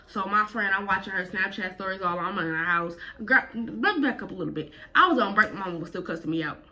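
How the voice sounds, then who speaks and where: A woman's voice: mid-range voice, lively intonation, fast, bright, forceful tone. A woman vlogger telling a personal story casually, full of slang and cursing. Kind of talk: storytime vlog.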